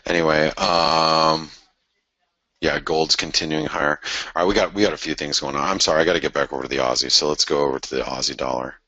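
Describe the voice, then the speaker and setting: A man hosting a live forex trading show, talking through charts in an excitable, thinking-aloud way with frequent exclamations. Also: rumbling low, fast talker, dry recording. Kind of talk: live market commentary.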